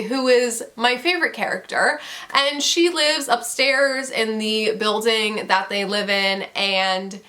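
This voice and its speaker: Young woman chatting about a book, kinda high bright voice, rambly and blunt. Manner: rambling, candid, laughs often, swears. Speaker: book reviewer. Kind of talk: casual book review chat.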